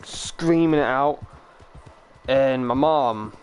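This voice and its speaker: A man's voice: mid-range voice, very slow, darkish tone, smooth. A young British man with a British accent, chatting casually and rambling on a game stream, swearing now and then and laughing often. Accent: British English.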